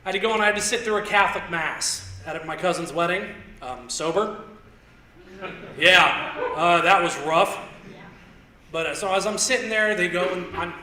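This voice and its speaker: A young man from Indiana doing a stand-up comedy set on a theater stage, telling rambling stories and punching lines with sudden shouts. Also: on the high side. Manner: loose, rambling storytelling with stutter-mimicking bits and sudden shouted punchlines. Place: theater stage with live audience. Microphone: handheld stage mic. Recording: roomy theater sound.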